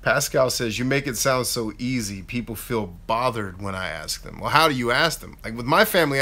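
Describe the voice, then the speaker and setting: A man in his thirties hosting a casual live Q&A, chatting in an animated way and reading out viewer questions. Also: mid-range voice, brisk, hardly any pauses. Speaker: YouTube host answering live chat.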